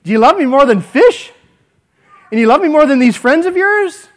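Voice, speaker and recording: A preacher voicing a gentle, searching teacher. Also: male voice, animated, normal speed. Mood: tender. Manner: soft, lowered, repeated questions.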